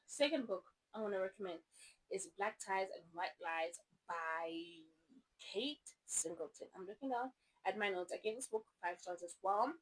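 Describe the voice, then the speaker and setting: A South African woman talks through her favorite romance reads in a loose, rambling chat. Her voice is husky and a little breathy, at a middle pitch, and she gushes and wanders off into asides. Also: unhurried, low-quality recording. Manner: chatty, gushing, rambling with many asides. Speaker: book vlogger. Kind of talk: casual book review chat.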